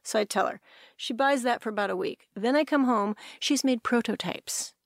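A woman who founded a restaurant company, telling animated stories in an interview, acting out quotes and restarting sentences. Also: a little high, normal speed, dry recording, studio quality. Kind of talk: conversational storytelling interview.

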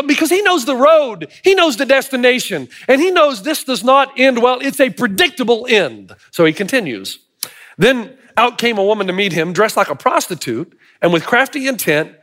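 A man's voice: very high-pitched, big pitch swings, moderate pace, fairly bright tone. A male pastor preaching a sermon, telling a joke with acted voices and asking the congregation rhetorical questions.

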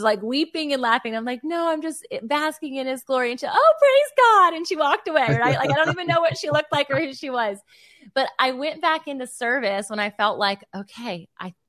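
Woman hosting a faith podcast, animated storyteller, dry close sound. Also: fairly high pitch, no echo. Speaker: podcast host. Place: Virginia Beach.

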